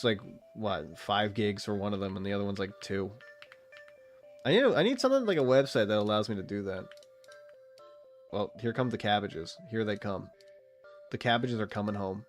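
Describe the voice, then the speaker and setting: A man in his late twenties gives loose, rambling gameplay commentary, swearing freely and chatting with his viewers and the animals on screen. His voice is middle-pitched but swoops up and down a lot, with faint music running behind him. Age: late 20s. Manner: rambling, profane, chatty with chat and game animals. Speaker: streamer.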